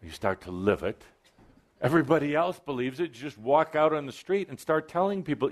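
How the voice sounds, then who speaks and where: A man's voice: mid-range voice, very animated, a little fast. A man delivers a spiritual talk to a gathered audience in a mid-range voice. He slips in wry, playful asides and breaks into sudden emphatic bursts. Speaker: channeler speaking to a live audience. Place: event hall with live audience.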